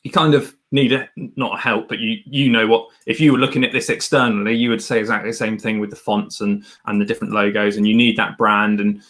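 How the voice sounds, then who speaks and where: A man's voice: on the low side, a little fast, hardly any pauses. A man hosting a livestream, chatting casually and laughing often as he gives advice. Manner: animated, rambling, laughs often. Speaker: host reviewing a guest's channel.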